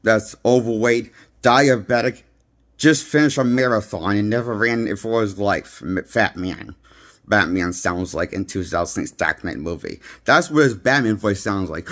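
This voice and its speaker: A man's voice: on the low side, a little slow, a bit bright. A man giving a rambling, blunt casual movie review, recorded on a handheld phone. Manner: rambling, blunt, repeats himself. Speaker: movie critic.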